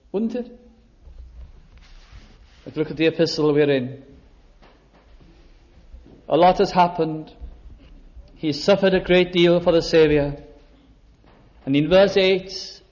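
Male preacher, high voice, slow emphatic delivery with dramatic pauses, dull lo-fi recording. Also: darkish tone. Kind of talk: sermon.

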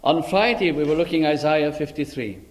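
A man preaching a sermon in a dramatic way, swinging between loud emphasis and hushed, quiet lines. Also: a little high, brisk.

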